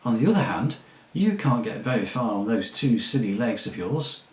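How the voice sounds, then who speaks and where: A man reading aloud, voicing a proud male talking war horse with a brisk, commanding, scornful manner. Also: mid-range voice, sing-song, reverberant, lightly acted, low-quality recording. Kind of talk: audiobook reading.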